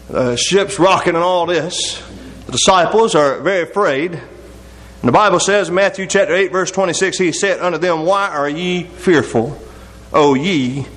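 Preacher, male, high voice, homespun delivery that asks the listeners a lot of questions, booming church-hall echo. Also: a bit bright. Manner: folksy, conversational, many rhetorical questions. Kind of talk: sermon. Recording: long reverb of a large hall.

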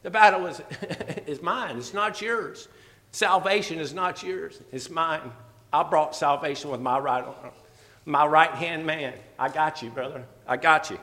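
A man preaching a fervent, emotional sermon, at times teary and laughing softly. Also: a little high, unhurried.

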